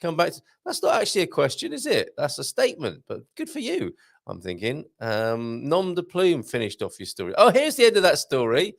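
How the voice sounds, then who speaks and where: A man's voice: a little high, huge pitch swings, a little fast, creaky, dry recording, clean studio sound. A man hosting a live show in a casual, jokey way, reading out viewer comments and adding chatty asides. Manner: chatty, jokey, reads messages aloud with asides.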